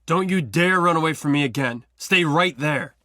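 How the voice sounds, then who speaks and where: A domineering wolf-pack alpha in an audio drama, all stern command and low growl. The tone is bright and pressing, and the sound is close and dry. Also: male voice, moderate pace, no echo.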